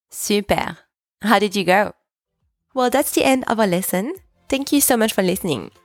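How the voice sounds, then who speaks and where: A woman hosting a language lesson podcast, speaking slowly and clearly and repeating each phrase so listeners can practice. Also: medium pitch. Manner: slow, careful, repeats French words for practice. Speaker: French teacher, podcast host.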